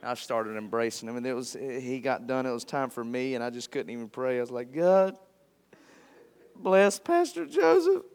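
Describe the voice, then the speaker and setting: A pastor preaching a sermon to his church, telling folksy stories and swelling loud on key words. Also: mid-range voice, level tone, brisk, hardly any pauses, clean tone, in a large hall. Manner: folksy storytelling. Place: church sanctuary.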